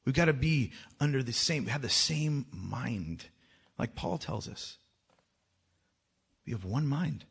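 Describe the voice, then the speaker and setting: A man with children, a worship leader giving a joking testimony talk to a church that rises into loud, urgent exhortation. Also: mid-range voice, lively intonation, slow pace, gravelly, pauses often, slightly rough. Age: adult with children. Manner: joking, self-mocking, often laughing.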